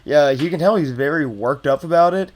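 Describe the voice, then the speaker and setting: Relaxed man running a tabletop game. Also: on the high side, brisk. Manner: relaxed, rambling narration. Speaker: game master.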